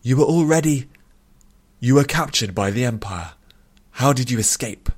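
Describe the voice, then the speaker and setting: A man's voice: medium pitch, lively intonation, measured pace, pitched above the performer's own voice. A man reading an audiobook and voicing a stern, guarded middle-aged queen mother, with clipped, commanding lines held under tight restraint. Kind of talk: audiobook character voice.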